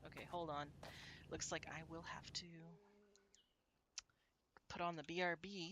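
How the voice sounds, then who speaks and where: A woman's voice: deep voice, steady tone, a little slow, a bit bright, slight background noise. A woman from Texas, chatting casually to her viewers while she plays a game, rambling and laughing often. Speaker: game streamer.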